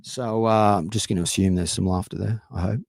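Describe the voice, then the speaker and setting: Swearing Australian comedian, low dry voice. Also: male voice, fairly even intonation, quick pace, vocal fry, darkish tone, breathy edge, no echo. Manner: swearing, rambling, conversational storytelling. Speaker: stand-up comedian. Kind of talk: stand-up set on a livestream.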